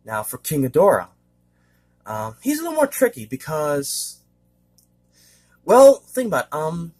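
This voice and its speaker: With a husky, darkish voice and huge swings in pitch, a man vlogs in an unhurried, rambling casual monologue. He stumbles over filler words and keeps clearing his throat.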